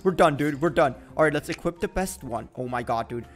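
A man giving excitable, jokey let's-play commentary, trash-talking and reacting loudly as he plays. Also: fairly high pitch, a little fast, over music. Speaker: gaming YouTuber.

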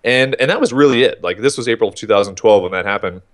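On a podcast, a guest in his thirties tells his story in casual conversation, speaking fast in a lowish voice. He's an animated storyteller who acts out his own inner voice.

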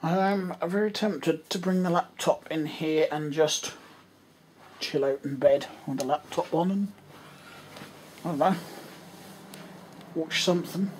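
A man's voice: a little high, slow, long pauses, slight background noise. Rambling English man muttering to himself. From England. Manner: rambling, muttering to himself, trailing off mid-thought. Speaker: vlogger. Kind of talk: casual running commentary while tidying.

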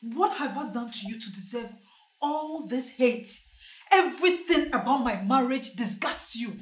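Depressed young wife, high sharp voice, roomy echo. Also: female voice, animated, a little slow. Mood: hurt. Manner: defensive, then screaming and sobbing.

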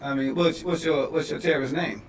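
A man from Detroit, a comedian co-hosting a podcast, riffing loudly and laughing through his punchlines. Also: a little high, fairly quick. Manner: animated, laughing, yelling punchlines. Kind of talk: loose comedic banter. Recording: echoey room, mic at a distance, faint noise.

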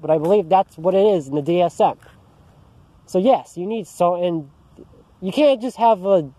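Man, fairly high voice, soft mellow tone, agitated rant, stumbling restarts, outdoor park vlog. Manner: agitated, frustrated, restarts often. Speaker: vlogger. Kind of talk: angry personal rant to camera.

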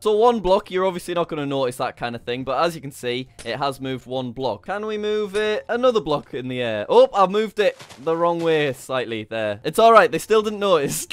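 A young man hosting a gaming commentary, excitable and laughing often. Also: high-pitched, no echo. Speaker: YouTuber host.

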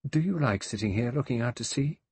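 A man's voice: medium pitch, lively intonation, fairly quick, breathy edge, dry recording. A man doing a tense, frightened young woman. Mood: uneasy. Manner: sharp, unsteady questions.

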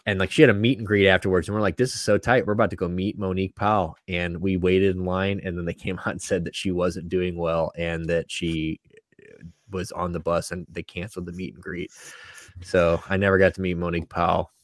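Low-voiced, laid-back male podcast host. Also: level tone, brisk, no room sound, clean studio sound. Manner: laid-back, laughing banter. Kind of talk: casual chat.

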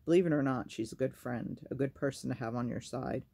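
A calm circus man in black who talks in a slow, thick, unhurried way, read by a man narrating a storybook. The voice is mellow and dark, with a gravelly edge. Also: mid-range voice.

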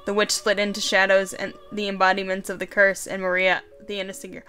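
A woman voicing a remorseful male wizard trapped in a box, reading his lines in a measured, solemn way. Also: medium pitch, monotone, sharp tone, faint music behind, natural voice.

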